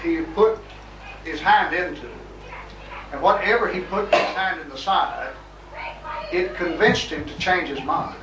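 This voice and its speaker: A man's voice: high-pitched, a little slow, long pauses. A man in a debate who keeps pressing his opponent with persistent, probing questions. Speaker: Christian debater. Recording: echoey room, distant mic, loud noise.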